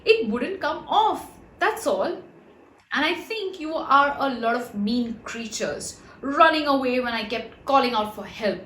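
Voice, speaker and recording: Lady putting on a squeaky panicky little boy kitten, storybook, big swoopy voice, echoey room. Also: lively intonation, a little slow, a bit bright. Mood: indignant. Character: frightened young male kitten. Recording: roomy echo.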